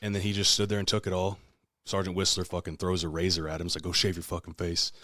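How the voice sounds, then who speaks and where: Low-voiced profane man. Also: fast talker, no room sound, clean studio sound. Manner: profane, animated storyteller acting out quotes. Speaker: podcast co-host. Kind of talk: casual storytelling chat.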